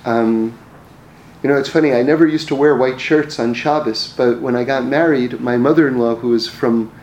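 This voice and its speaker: A man's voice: mid-range voice, steady tone, normal speed, a little mellow. A man telling personal stories in a casual, rambling way, often restarting his words and chuckling. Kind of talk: casual storytelling talk. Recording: roomy echo, faint ambience.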